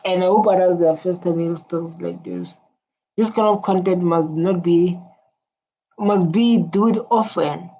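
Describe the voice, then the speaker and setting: A woman's voice: lowish voice, expressive, moderate pace, mellow. A woman hosting a reaction video, speaking earnestly, repeating herself and humming while she listens. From South Africa. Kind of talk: emotional reaction commentary. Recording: dull lo-fi audio with faint noise.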